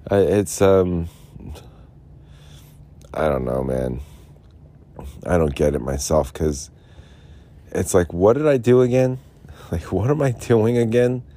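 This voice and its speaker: A man's voice: sits low, slow, long pauses, mellow. A man rambling sarcastically about a police ticket, tipsy and mumbling at times, recorded outdoors. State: tipsy, drinking beer. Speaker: podcaster telling a personal story. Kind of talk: rambling casual monologue. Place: outdoors, homeless.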